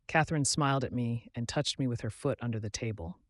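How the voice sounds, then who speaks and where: A man reading a novel aloud as an audiobook narrator in a steady, measured way. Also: medium pitch, no echo, clean studio sound.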